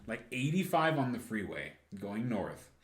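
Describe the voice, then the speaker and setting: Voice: medium pitch, big pitch swings, unhurried. A young adult podcast co-host telling family stories, breaking into laughter mid-story. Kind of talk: casual storytelling chat. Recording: echoey room with faint noise.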